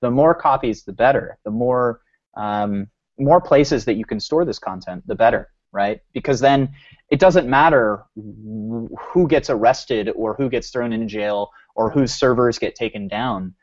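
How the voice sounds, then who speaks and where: A man's voice: mid-range voice, measured pace. Rambling man on a lo-fi podcast. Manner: rambling, with many restarts and fillers. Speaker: podcast co-host. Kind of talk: casual podcast discussion.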